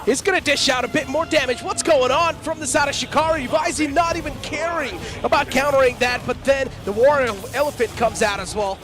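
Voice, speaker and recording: A high-pitched man calls a live esports match, animated and teasing toward his co-casters. Music plays clearly behind him. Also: fairly quick, hardly any pauses. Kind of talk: live game commentary.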